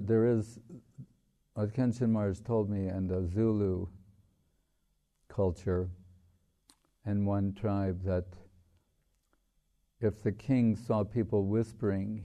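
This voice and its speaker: An older man giving a slow, reflective devotional talk as a spiritual teacher, opening with chanted prayers. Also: on the low side, fairly even intonation, warm tone. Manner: slow and reflective, with long pauses.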